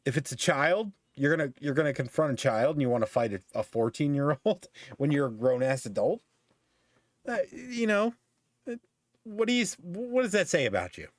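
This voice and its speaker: A man's voice: fairly high pitch, expressive, moderate pace, no echo. Profane, ranting man with a dry sound. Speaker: podcast host. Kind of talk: casual chat.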